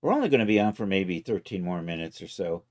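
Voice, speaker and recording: Guy with a lower voice chatting through his 3d software steps on stream, kinda joking at himself. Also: very animated, fast talker. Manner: talks himself through each step, loose and self-mocking. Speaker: livestreaming 3D content creator. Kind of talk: casual live software walkthrough.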